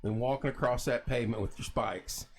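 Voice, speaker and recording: Joking host on a noisy line. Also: male voice, mid-range voice, brisk. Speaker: show host reading viewer comments. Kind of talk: casual chat.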